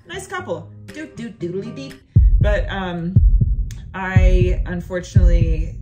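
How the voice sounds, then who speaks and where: A young adult woman with a mid-range voice, a stand-up comedian, delivers a sassy, playful monologue to camera, drawing words out for emphasis.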